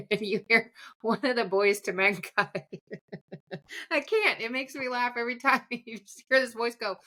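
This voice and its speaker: Giggly, bright-voiced woman host. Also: a little high, measured pace. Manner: giggly, rambling, laughs often. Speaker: podcast host. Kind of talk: casual chat.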